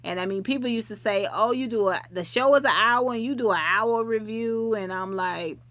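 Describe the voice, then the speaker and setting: A woman's voice: on the high side, moderate pace, a bit bright, dry recording. Middle-aged woman host, easygoing live chat with viewers, homespun expressions. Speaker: livestream host.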